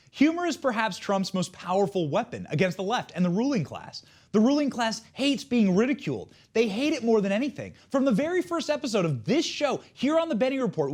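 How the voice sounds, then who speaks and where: Sarcastic male commentary host, lively pitch. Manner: mocking, sarcastic delivery. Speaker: show host. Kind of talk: scripted political commentary.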